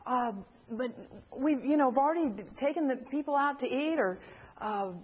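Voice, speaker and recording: High husky woman telling a story. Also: normal speed, dull audio. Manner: animated storytelling, acts out quoted voices. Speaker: church member giving a testimony. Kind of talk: personal story told to a group.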